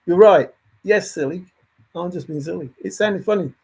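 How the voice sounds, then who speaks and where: A man's voice: sits high, moderate pace, darkish tone, husky. A man hosting a livestream, thinking aloud in a rambling way and answering chat comments as they come in. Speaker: livestream host.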